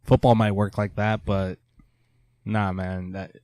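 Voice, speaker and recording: A man's voice: fairly low pitch, flat delivery, a little slow, darkish tone, no room sound. A man co-hosting a podcast in a casual sports chat, earnest and a little defensive, laughing things off. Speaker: podcast co-host.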